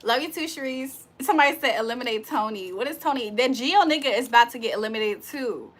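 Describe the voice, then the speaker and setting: Woman, livestream host, high voice, trash-talking, loud laughs. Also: expressive, fast. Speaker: livestream host reading chat. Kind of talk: casual live chat.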